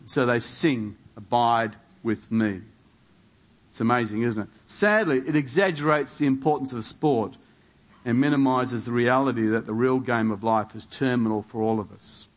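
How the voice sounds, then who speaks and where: A man's voice: mid-range voice, moderate pace. A man preaching a sermon in a church, building to emphatic rhetorical questions. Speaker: pastor.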